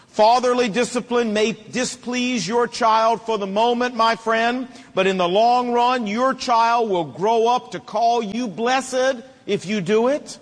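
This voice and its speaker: A man's voice: sits high, measured pace, in a large hall. A middle-aged man preaching a sermon, with emphatic, repetitive rhetoric and folksy humor. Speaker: pastor.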